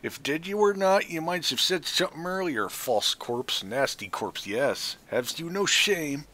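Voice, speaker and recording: A man's voice: medium pitch, very animated, a little slow, pushed and bright, breathy edge, pitched above the performer's own voice, full character voice. A man voicing a mumbling old seamstress woman who talks to herself in a sing-song way. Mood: indignant.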